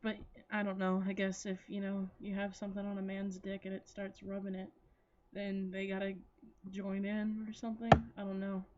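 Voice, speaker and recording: A woman talks straight to her viewers in a loose, chatty ramble, giggling and cursing as she trips over her own sentences. Her voice sits at an ordinary middle pitch. The sound is dull and lo-fi, like a home recording on a built-in mic. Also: completely flat delivery, normal speed, a little mellow. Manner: rambling, giggly, swears freely, many likes and restarts. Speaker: anime reviewer. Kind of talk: casual chatty plot retelling.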